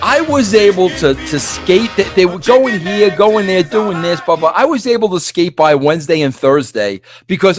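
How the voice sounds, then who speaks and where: High-pitched, animated rambling man. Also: normal speed, few pauses, slightly rough, faint music behind. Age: middle-aged. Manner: excitable, rambling, lots of "like" and restarts. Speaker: podcast host. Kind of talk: animated solo rant.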